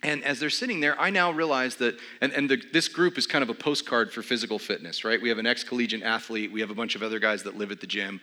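A man's voice: mid-range voice, fast, hardly any pauses, sharp tone. A man preaching a sermon, telling a humorous, self-deprecating story with comic timing. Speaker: pastor. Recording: long reverb of a large hall.

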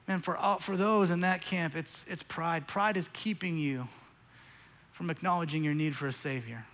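A man's voice: sits high, moderate pace, a bit bright, long reverb tail. A man preaching a sermon as pastor, earnest and pleading, often repeating phrases.

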